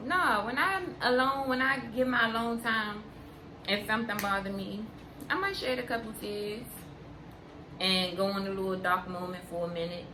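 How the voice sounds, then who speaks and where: A young woman vlogger chatting candidly to camera, unhurried and frank, repeating her points for emphasis. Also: medium pitch. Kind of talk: candid casual chat to camera. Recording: roomy sound with steady background noise.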